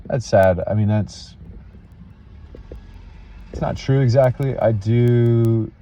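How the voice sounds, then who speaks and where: A man telling an emotional personal story in a halting, earnest way, full of restarts and fillers. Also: mid-range voice, dark tone, lo-fi sound.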